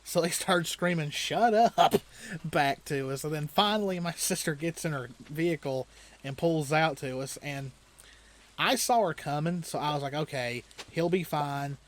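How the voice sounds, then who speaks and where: A slightly high-voiced man hosts a let's play and tells a loose, rambling story as he plays. He chuckles often and restarts his sentences as he goes. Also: normal speed, a bit bright. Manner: chuckles often while telling stories. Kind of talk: casual storytelling while playing a video game.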